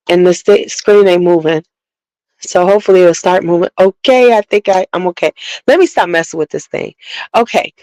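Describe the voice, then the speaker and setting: A woman's voice: mid-range voice, darkish tone, dry recording, poor audio. A woman from Chicago hosting a casual beauty livestream, chatting candidly, rambling and greeting viewers by name.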